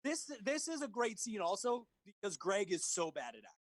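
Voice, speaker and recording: A man co-hosting a movie review podcast in casual chat over a remote call, animated and swearing freely. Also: high-pitched, a little fast, no echo. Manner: animated, swearing, laughs, mimics lines. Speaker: podcast co-host. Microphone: remote call recording.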